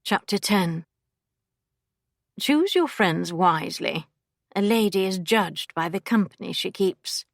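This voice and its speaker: Gravelly woman reading an audiobook. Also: medium pitch, expressive, slow, pauses often, no echo, studio quality. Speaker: audiobook narrator. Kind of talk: scripted narration.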